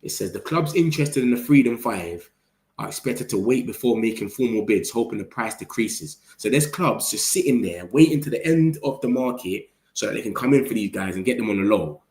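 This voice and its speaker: A young man, hosting a casual football livestream and talking straight to his chat in an animated, slangy way. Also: mid-range voice, brisk. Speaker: football channel host reading live chat. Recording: echoey room.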